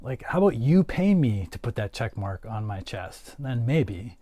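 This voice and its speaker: A man's voice: mid-range voice, very animated, a little slow, dark tone, no room sound. A man chatting casually as a livestream host, rambling with lots of "like" fillers and answering his chat.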